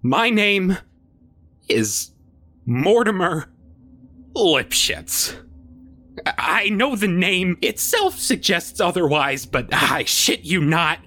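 A man's voice: sits high, very animated, slow pace, pushed and bright, faint music behind. A man in his twenties narrating a first-person horror story in a wry, nervous voice, often stammering and restarting. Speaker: narrator, voice performer.

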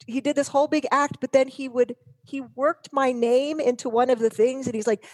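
A woman's voice: high voice, steady tone, a little fast, a little mellow. A woman guest in casual chat, telling rambling stories and teasing the hosts playfully.

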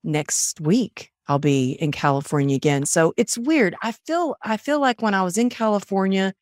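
A woman's voice: mid-range voice, moderate pace, no room sound, studio quality. A middle-aged woman from Texas, telling stories in a casual interview and acting out what people said. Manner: animated storyteller, acts out quotes. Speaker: podcast guest, author and coach.

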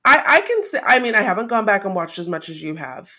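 A woman's voice: mid-range voice, very animated, quick pace, sharp tone. A woman co-hosting a podcast, talking things through in a casual, analytical way with some hesitant fillers. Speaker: podcast co-host. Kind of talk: casual recap chat.

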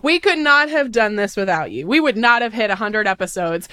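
A woman in her late twenties hosting a podcast, talking in a bubbly, excited, gushing way. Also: medium pitch, fairly quick, hardly any pauses, smooth, no echo. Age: 20s. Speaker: podcast host. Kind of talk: upbeat podcast monologue.

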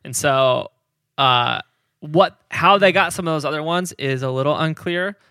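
Casual podcast co-host, man, gravelly and bright, dry close sound. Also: a little high, unhurried, no echo. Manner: rambling, laughs often, hedges on numbers. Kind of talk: casual history chat.

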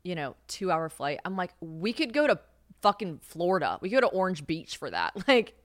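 A young woman talks straight into a podcast mic in a dry, close recording. Her voice sits a little low for a woman. She rambles through casual, self-mocking stories, swears freely and leans hard on "like". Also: very animated, brisk, no room sound. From United States. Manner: chatty and self-mocking, heavy use of "like", swears freely, laughs often. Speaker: podcast host. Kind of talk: casual solo podcast storytelling.

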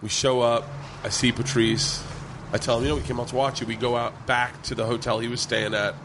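A man's voice: mid-range voice, level tone, fairly quick. A man, a comedian guest, telling stories in a laid-back, rambling and profane way in a cigar lounge. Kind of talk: casual storytelling chat. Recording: noisy lounge background.

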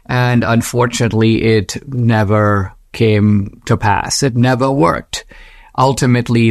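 A male podcast host talks through history in a measured, reflective commentary, slowing down to stress key phrases. His voice sits at an ordinary middle pitch. The sound is dry and close, with no room echo. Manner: measured, reflective delivery with slow emphatic phrases; mimics a Western voice when reading quotes, rising high. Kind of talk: commentary reading quoted passages.

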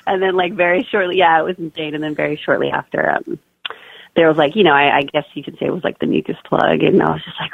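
Young woman, interview guest, chatty storyteller; gravelly fry; tinny phone-line sound. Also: low voice, fairly even intonation, quick pace, dry recording. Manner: chatty, fills speech with "like" and "you know". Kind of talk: personal birth story told in an interview.

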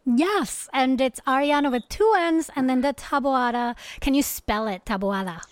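A woman hosts a podcast in an upbeat, chatty way, her voice sitting high. The sound is dry and close, with no room around it. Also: normal speed, dry recording. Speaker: podcast host. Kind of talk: casual interview chat.

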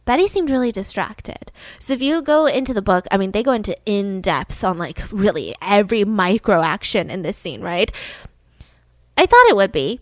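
A woman podcast host casually retelling a true-crime story in an animated, chatty way. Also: mid-range voice, moderate pace, no echo. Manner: animated, chatty, slips into voices.

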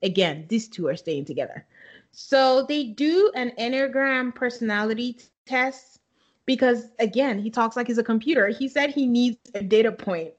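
Chatty woman with a high voice. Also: expressive, normal speed, lo-fi sound. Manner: chatty, laughs often, quotes people in her retelling. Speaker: podcast co-host recapping a reality show. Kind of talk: casual chat.

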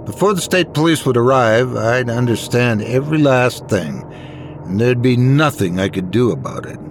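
A man telling a horror story in a dramatic, expressive scripted narration. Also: mid-range voice, normal speed, background noise.

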